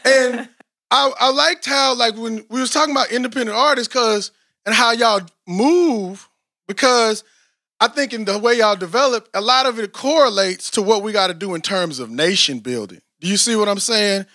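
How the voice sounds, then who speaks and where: Animated high-voiced man. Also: normal speed, no room sound, clean studio sound. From Texas, USA. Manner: animated, rambling, slangy, frequent "you know what I'm saying". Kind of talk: casual chat.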